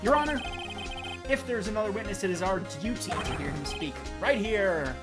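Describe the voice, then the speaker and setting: A woman's voice: mid-range voice, expressive, moderate pace, loud music behind the voice, close to an everyday voice. A woman reading the lines of an earnest young male defense attorney in a video game.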